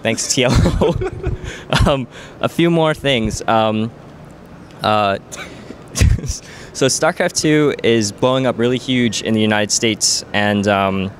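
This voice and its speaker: A man's voice: mid-range voice, slow, a little hiss or hum. A man interviewing a player at a gaming event, chatty and playful, with lots of "um" and "like". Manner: chatty, filler-heavy, playful. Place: busy gaming event venue.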